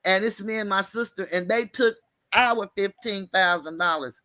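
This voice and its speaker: A woman telling a story in an animated, folksy way, mixing slang and cussing. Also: medium pitch, normal speed, no room sound. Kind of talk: casual storytelling.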